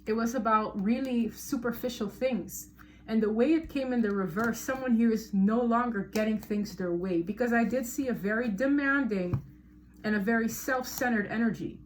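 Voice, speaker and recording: A woman's voice: on the high side, moderate pace, a little hiss or hum. Emphatic woman giving a tarot reading. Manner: emphatic, repeats words for stress. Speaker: tarot reader. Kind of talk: casual tarot reading to viewers.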